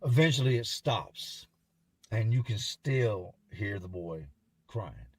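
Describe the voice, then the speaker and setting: A man tells a first-person story in a somber, haunted way, often pausing and breaking off. His voice is husky and sits on the low side. The sound is dry and close to the mic. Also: expressive, a little mellow, no room sound.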